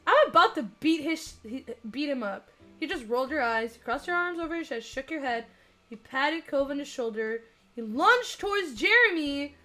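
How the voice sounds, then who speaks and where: A young woman streaming, reading a dating game aloud and chatting with viewers, excitable with squealing laughs. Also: high voice, moderate pace, soft background music.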